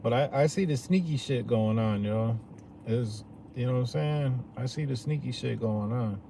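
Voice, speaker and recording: A vlogger rants to his viewers in a loose, slangy, profane way, frequently asking "you know what I'm saying." His creaky, medium-pitched voice moves at a moderate pace over background noise.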